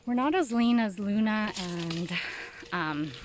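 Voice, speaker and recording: A woman's voice: animated, takes it slowly, noisy background. A woman dog walker from Canada, chatting casually and a bit out of breath while hiking outdoors, rambling and joking about herself. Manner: rambling, self-deprecating, praising dogs in a high sing-song voice. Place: outdoors in a park.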